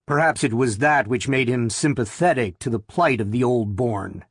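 A man narrating a novel as an audiobook, in a measured, steady reading. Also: mid-range voice, slightly rough, dry recording, clean studio sound. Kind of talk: scripted narration.

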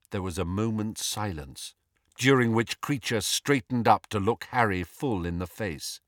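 A man reading a novel aloud as an audiobook narrator, in measured and expressive storytelling. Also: on the low side, no echo, studio quality. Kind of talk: scripted narration.

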